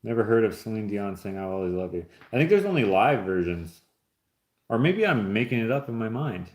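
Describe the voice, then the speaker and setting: A man's voice: lowish voice, very animated, a little fast. A man hosting a casual livestream, reading chat aloud and opening gifts in an easygoing, joking way. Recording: roomy echo.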